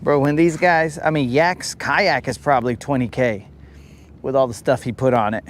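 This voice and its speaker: A man's voice: medium pitch, steady tone, moderate pace, slight background noise. A man hosting a live fishing stream from a boat, joking with viewers and muttering to himself as he fishes. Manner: joking, teasing chat, talking to himself. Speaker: fishing livestream host. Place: outdoors on a boat on a lake.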